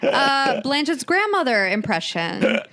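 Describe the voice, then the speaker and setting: A woman's voice: high-pitched, big pitch swings, measured pace, bright, forceful tone. Chatty woman podcast co-host. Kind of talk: casual podcast chat.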